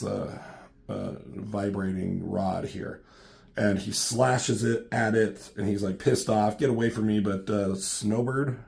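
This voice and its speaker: A low, gravelly man talks through a comic story in a loose, rambling way. He swears freely, fills gaps with ums and tosses in side questions as he goes. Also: mellow. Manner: rambling, profane, many ums and asides. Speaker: comic book reviewer. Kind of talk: casual comic recap.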